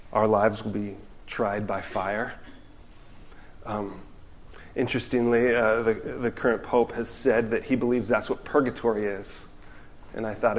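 A man preaching a sermon in an earnest, reflective way, reading quotations aloud and dropping into softer asides. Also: mid-range voice. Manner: earnest, reflective, reads quotes aloud, drops to soft asides. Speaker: pastor.

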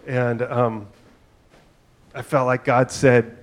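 A middle-aged man delivers a sermon as a pastor, speaking at an ordinary mid pitch. He talks conversationally, weaving in personal stories and frequent asides to the congregation. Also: steady tone, moderate pace. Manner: conversational, storytelling with asides and filler "right?".

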